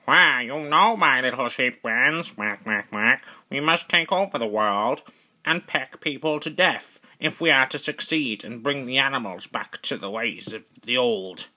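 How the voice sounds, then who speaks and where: A man's voice: medium pitch, animated, a little slow, sharp tone, full character voice. A man voicing an evil male duck who plots to take over the world, quacking as he schemes. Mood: scheming. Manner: grandiose, quacking between words.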